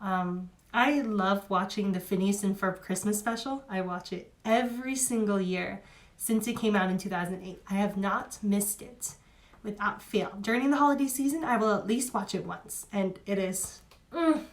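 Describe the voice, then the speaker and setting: A woman's voice: mid-range voice, moderate pace. A young woman giving a casual spoken review, chatty and emotional, with many fillers and restarts.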